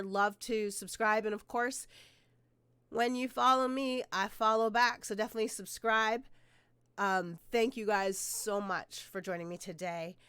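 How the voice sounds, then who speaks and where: A woman's voice: medium pitch, fairly bright tone, smooth, dry recording. A woman hosting her weekly live stream, chatting casually and energetically with viewers while sounding a bit sick.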